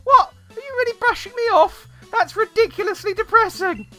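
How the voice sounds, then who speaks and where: A man voicing a stubborn, whiny teenage girl, in a shrill, exasperated falsetto. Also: animated, normal speed, sharp tone, soft background music, exaggerated voice.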